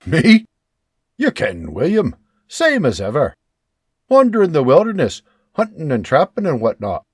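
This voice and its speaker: A man voicing a jovial frontier hunter and trapper with a folksy, easygoing way of talking. The voice is husky and very lively in pitch. He is a storybook wanderer. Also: unhurried, long pauses, no echo, studio quality, exaggerated voice.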